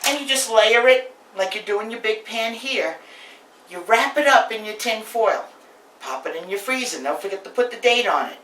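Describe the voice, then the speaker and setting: A woman's voice: fairly high pitch, expressive, normal speed, a bit bright. A woman with a New York accent, from Brooklyn, talking through a home cooking demonstration in a chatty, brash storytelling way. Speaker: home cook host. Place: home kitchen, indoors. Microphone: camera mic filmed from across the kitchen. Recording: echoey kitchen, distant camera mic.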